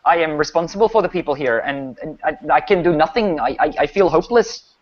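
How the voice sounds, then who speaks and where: A man's voice: fairly high pitch, expressive, a little fast, lo-fi sound, pitched above the performer's own voice, natural voice. A man voicing a worried village baron who stammers and halts anxiously. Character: worried middle-aged male village baron.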